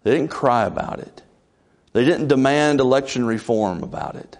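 A man preaching a folksy, conversational sermon as pastor, with sudden leaps in pitch. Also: moderate pace, darkish tone.

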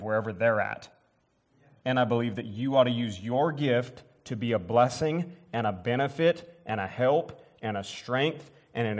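A pastor preaching a sermon in his church, folksy and rambling, full of restarts, and building up to emphatic preaching. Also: medium pitch. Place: church sanctuary.

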